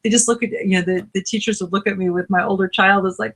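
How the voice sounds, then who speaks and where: A woman's voice: mid-range voice, steady tone, fast, creaky, hardly any pauses, fairly bright tone. A woman co-hosting a podcast, telling wry stories in casual chat with frequent laughs. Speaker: podcast co-host.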